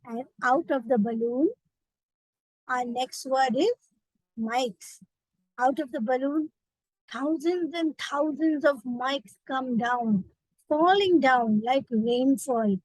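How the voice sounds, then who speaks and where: Woman, Indian accent, memory trainer, guided visualization, high pitched, dry close recording. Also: slow, darkish tone, dry recording, poor audio. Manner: vivid storytelling, direct address.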